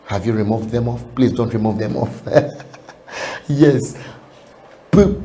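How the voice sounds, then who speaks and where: Earnest male TV preacher, mellow voice. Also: medium pitch, slow pace, creaky, long pauses. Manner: earnest, repeats words, rises loud and excited toward the song. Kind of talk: sermon and prayer. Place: TV studio.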